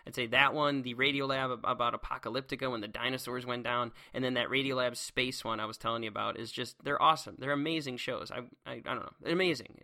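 A man who teaches science, talking in an excitable, rambling solo monologue full of restarts. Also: medium pitch, quick pace, creaky, hardly any pauses.

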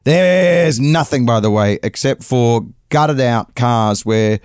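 A man's voice: medium pitch, steady tone, slow pace, a little mellow, clean tone, dry recording, clean studio sound. A man with an English accent telling a long, rambling story casually, with frequent swearing and self-corrections. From England.

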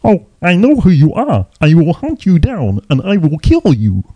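A British man voicing a cheery male frog puppet in a high, nasal impression. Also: wildly swooping pitch, normal speed, no echo, muffled recording. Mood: mock menace.

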